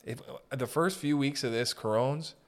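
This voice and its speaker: Speaking at normal speed, a man with a smooth, mid-range voice tells comic stories on his podcast. He's from Northern Ontario, Canada, and his anecdotes are animated, rambling and profane.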